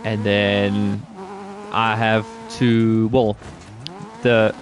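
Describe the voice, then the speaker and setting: A man's voice: mid-range voice, lively intonation, normal speed, long pauses, a little hiss or hum. Rambling jokey man playing a racing game. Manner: rambling, jokey, crude humor. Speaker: gaming streamer. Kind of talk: casual gameplay commentary.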